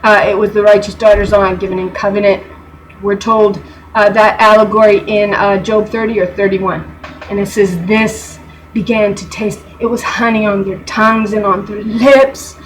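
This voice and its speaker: A woman's voice: mid-range voice, flat delivery, moderate pace, a little hiss or hum, poor audio. A woman teaching from scripture in a video, reading verses aloud and commenting on them emphatically. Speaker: bible teacher.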